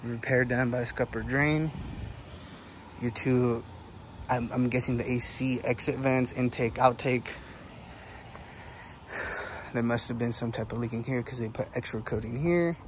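A man's voice: medium pitch, poor audio. A young male roofer walking rooftops outdoors and casually explaining what he sees, at times out of breath. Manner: loose, explaining as he walks the roof. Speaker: roofing salesman and foreman. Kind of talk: casual walkthrough vlog. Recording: outdoor noise behind the voice.

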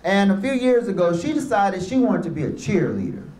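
A man's voice: sits high, big pitch swings, brisk, a little mellow. A man giving a motivational speech to youth and parents, telling stories and calling for amens from the room. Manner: storytelling with call-and-response. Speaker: motivational speaker. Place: room with a live audience. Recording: echoey room.

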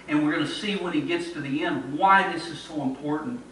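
A man's voice: fairly high pitch, brisk, few pauses, fairly bright tone, a little hiss or hum. A middle-aged man preaching a sermon in a church, earnest, often repeating words as he builds a point. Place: church sanctuary. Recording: very echoey church from a distance.

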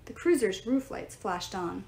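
A woman reading a novel aloud in an expressive, lively storytelling manner. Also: mid-range voice, unhurried, gravelly, slight background noise. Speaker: audiobook reader. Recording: roomy echo.

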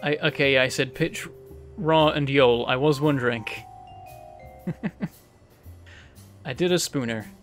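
A man's voice: medium pitch, slow, pauses often, faint music behind. A man from northern England streaming a game live, thinking aloud, answering chat and breaking into frustrated exclamations. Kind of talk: live-stream gameplay commentary.

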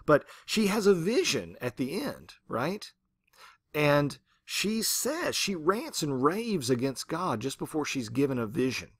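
A man's voice: a little high, unhurried, breathy edge, no room sound, clean studio sound. Guy giving a lit lecture, chatty, lots of "right?", voice swings up and down a lot. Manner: conversational, keeps asking the class "right?"; animated, acts out quotes. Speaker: literature lecturer. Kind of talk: recorded university lecture.

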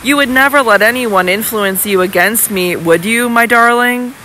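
A woman's voice: a little high, moderate pace, slight background noise, rough recording. A woman doing a sweet, fragile Lady Audley. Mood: coaxing. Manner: soft, injured, coaxing pleas. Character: young wife, sweet, fragile, secretly scheming.

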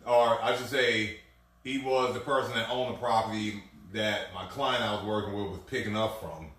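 A man with a lowish voice tells a winding story. He keeps restarting his sentences. He sits back from the mic, and the room echoes heavily around him. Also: steady tone, normal speed, a bit bright, recorded from a distance. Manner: rambling anecdotal delivery with restarts. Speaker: podcast host. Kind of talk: casual storytelling chat.

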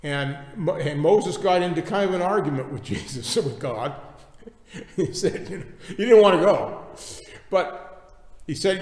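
A male pastor preaching a sermon, reading scripture and then explaining it with emphatic pauses. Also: high voice, expressive, a little mellow. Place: church sanctuary. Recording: echoey church hall, distant mic.

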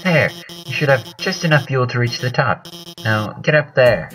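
A man voicing a nervous female lizard scientist who stammers through her lines, high and flustered. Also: lively intonation, moderate pace, a bit bright, faint music behind, close to an everyday voice, rough recording. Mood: anxious. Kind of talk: game dialogue voiced by a player.

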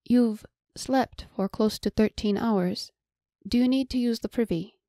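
A woman voicing a gentle young servant girl who works as a healer and speaks soothingly in an audiobook. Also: a little high, a little slow, dry recording, clean studio sound, voice pushed up.

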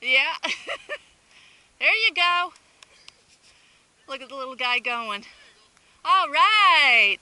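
High, lively older woman filming outdoors. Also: extremely slow, long pauses. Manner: chatty, giggly, frequent laughter. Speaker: vlogger filming her family. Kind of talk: casual home video narration. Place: outdoors on a snowy hill. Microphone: handheld video camera. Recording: noisy outdoor camcorder audio.

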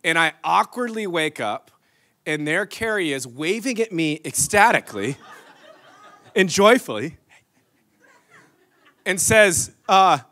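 Bright-voiced animated preacher man. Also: high-pitched, slow pace, long pauses. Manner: animated, laughing storyteller who swings from loud to hushed. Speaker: pastor. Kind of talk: storytelling sermon. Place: church stage.

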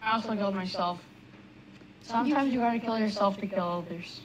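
A woman chatting casually with a friend during an online game, playful and quick to shout when excited. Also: mid-range voice, very noisy. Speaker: gaming partner. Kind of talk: casual gaming chat.

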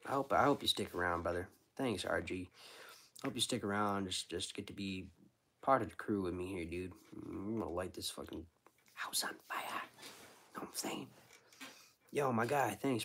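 A man's voice: deep voice, slightly rough. A man, a street musician, chatting casually with viewers on a livestream, laid-back and rambling, full of slang like dude and bro.

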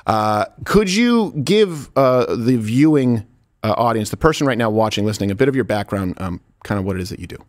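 Animated male talk show host. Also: fairly low pitch, fairly quick, no room sound, studio quality. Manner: animated, emphatic, laughs often. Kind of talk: political talk show banter.

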